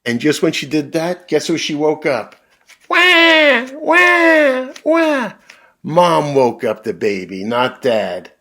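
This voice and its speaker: Brief: husky-voiced man, slow and lively storybook reader for children. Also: mid-range voice. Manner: animated, big voices and sound effects. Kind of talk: read-aloud storytelling for kids.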